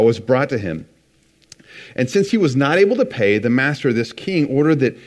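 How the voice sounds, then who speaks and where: A man's voice: mid-range voice, darkish tone. A man preaching a conversational sermon, retelling scripture with casual asides. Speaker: pastor.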